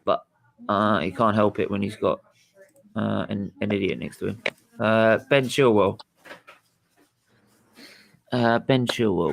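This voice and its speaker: A man's voice: lowish voice, takes it slowly, vocal fry, long pauses, poor audio. A man hosting a casual football reaction chat, blunt and sweary, rambling with restarts. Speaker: host.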